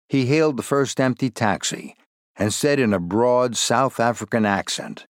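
This is scripted narration: a man with a fairly low voice reads from a thriller as an audiobook narrator, keeping his pace measured and even. The sound is clean studio audio without any room sound.

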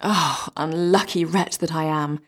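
A woman's voice: low-pitched, steady tone, measured pace, fairly bright tone. Woman reading as a scornful young princess. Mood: lamenting. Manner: scornful and lamenting. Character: proud, mocking young princess, later complaining.

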